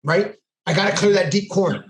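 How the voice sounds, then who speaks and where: A high-pitched man talks fairly quickly, recounting a story on a podcast as a police sergeant. He's intense and quotes the lines people spoke, keeping it casual, in an echoey room.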